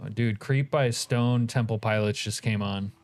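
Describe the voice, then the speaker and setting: A man's voice: lowish voice, fairly even intonation, moderate pace, darkish tone. Joking, rambling male game streamer. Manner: joking, rambling, reacting to chat. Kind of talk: casual live-stream chat.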